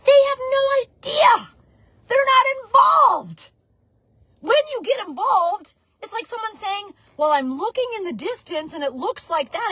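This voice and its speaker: A woman's voice: high-pitched, a bit bright, dry recording. A woman in her forties giving a fervent, preachy motivational talk about network marketing. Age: 40s. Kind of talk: motivational monologue.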